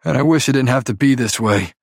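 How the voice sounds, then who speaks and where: A man's voice: medium pitch, quick pace, creaky, dry recording, pitched above the performer's own voice. Brief: man doing a young male rival, pleading, slight quiver, dry close sound. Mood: regretful. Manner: pleading, strained.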